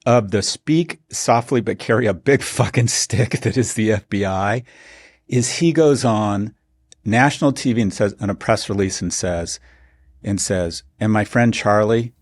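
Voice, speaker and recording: A man's voice: lowish voice, unhurried, dry recording. A middle-aged man co-hosting a podcast, telling stories sardonically and building to indignant emphasis. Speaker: podcast co-host. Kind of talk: casual opinionated chat.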